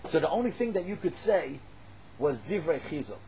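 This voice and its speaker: Brief: high-pitched male storyteller giving a sermon, emphatic and lively. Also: moderate pace, gravelly, a little hiss or hum, low-quality recording. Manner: animated, emphatic, rising to exclamations. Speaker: religious storyteller.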